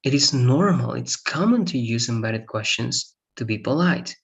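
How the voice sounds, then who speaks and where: A man's voice: mid-range voice, lively intonation, normal speed. Man teaching grammar, asking "right?". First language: Spanish. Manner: explains step by step, checks in with "right?" often. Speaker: English teacher. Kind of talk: online grammar lesson.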